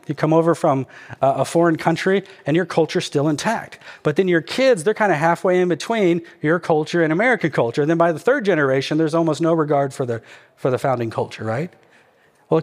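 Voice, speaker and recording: A man preaching a sermon as pastor, animated and jokey, acting out asides. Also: fairly high pitch, long reverb tail.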